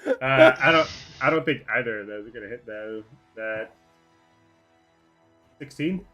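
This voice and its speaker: Slow, bright-voiced man rolling dice. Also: mid-range voice, soft background music. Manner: calls out dice rolls and damage. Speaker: player. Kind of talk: tabletop game play.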